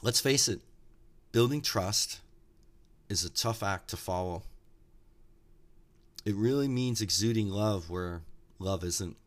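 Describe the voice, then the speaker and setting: A man giving an earnest, reflective podcast talk, measured and slowing down for emphasis as he tells stories. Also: on the low side. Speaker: podcast speaker.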